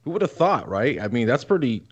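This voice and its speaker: A male co-host who welcomes a guest in a friendly, meandering way, with plenty of fillers as he goes. His voice is mid-pitched and plain. He sounds easygoing and conversational. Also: very animated, moderate pace, slightly rough, dull audio. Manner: friendly, rambling interviewer. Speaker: podcast co-host. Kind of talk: casual podcast chat.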